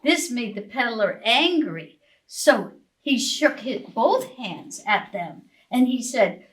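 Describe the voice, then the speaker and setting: A woman librarian reading a picture book aloud to young children, expressive and asking them questions. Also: on the high side, low-quality recording. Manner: slow, sing-song, expressive, asks children questions. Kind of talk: preschool storytime reading.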